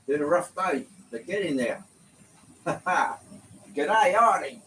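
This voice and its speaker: A man's voice: fairly high pitch, lively intonation, takes it slowly, fairly bright tone, slight background noise, low-quality recording. Chatty English man with a London touch. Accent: English, slight London. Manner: chatty, greets viewers by name, swears lightly, laughs often. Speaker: livestream host. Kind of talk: casual live-stream chat.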